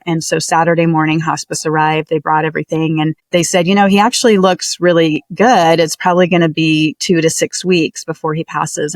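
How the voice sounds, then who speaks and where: A middle-aged woman, a podcast guest, telling a deeply personal story with earnest emotion and vivid detail. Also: no echo.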